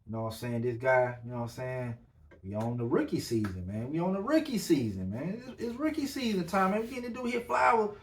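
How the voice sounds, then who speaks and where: A man's voice: fairly high pitch, expressive, fairly quick, distant mic, slight background noise. Laid-back man, a bit off-mic. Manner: laid-back, loose slang, filler-heavy. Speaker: podcast host. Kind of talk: casual podcast chat.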